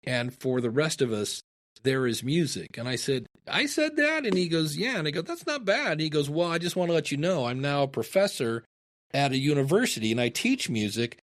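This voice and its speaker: His voice is mid-range and a touch quick. The middle-aged Ohioan, a guest on a podcast, recounts anecdotes in a casual chat and brings their dialogue to life by acting it out.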